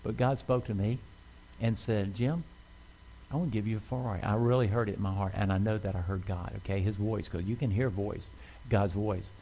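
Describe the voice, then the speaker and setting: A male pastor delivers a sermon to his congregation in an easy, conversational way, often turning to them with questions. His voice sits low and mellow. Faint room noise hangs behind him. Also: fairly even intonation, normal speed, low-quality recording. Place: church.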